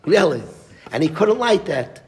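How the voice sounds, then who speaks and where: A man's voice: a little high, sing-song, a little slow. A man giving a Torah class as a rabbi, emphatic, repeating phrases and restarting mid-sentence, with Yiddish and Hebrew terms.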